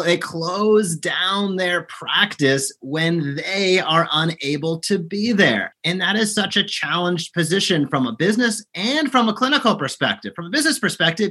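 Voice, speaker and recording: A man's voice: a little high, pushed and bright, slightly rough. A man who is a guest on a podcast interview, explaining his service in an earnest, emphatic, persuasive way. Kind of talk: interview conversation.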